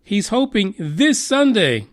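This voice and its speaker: High-voiced man doing crude podcast news. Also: very animated, takes it slowly. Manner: profane, mocking, laughs while reading. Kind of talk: crude comedic news commentary.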